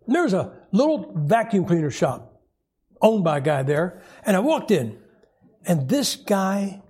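A middle-aged man preaching a sermon, telling stories in a wry, animated way with a husky voice. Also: high voice. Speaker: pastor.

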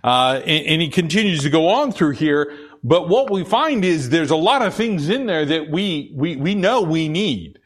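Moderately paced and expressive, this slightly high male voice belongs to a middle-aged lay preacher sharing a sermon and his own testimony in a conversational way. He sounds earnest, confessional and hesitant, restarting often and leaning on fillers.

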